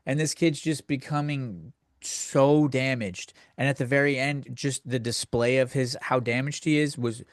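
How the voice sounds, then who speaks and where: A man's voice: a little high, no echo, clean studio sound. A man hosting a comedy podcast, ranting in a crude, sardonic, rambling way. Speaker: podcast host. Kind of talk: comedic rant.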